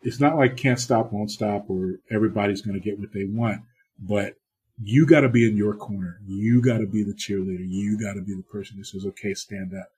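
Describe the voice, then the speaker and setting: A man's voice: fairly low pitch, a little fast, mellow, breathy edge. A middle-aged TV producer from the US East Coast, telling blunt, profane stories in a casual interview and acting out the exchanges he quotes.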